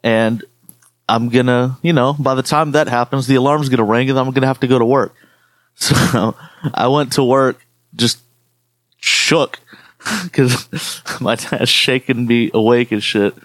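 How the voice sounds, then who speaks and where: A man's voice: medium pitch, fairly even intonation, a little slow, long pauses, a bit bright, dry recording. Swearing podcast guy, dry mic. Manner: swearing, rambling storytelling. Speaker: podcast co-host. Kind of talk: casual podcast chat.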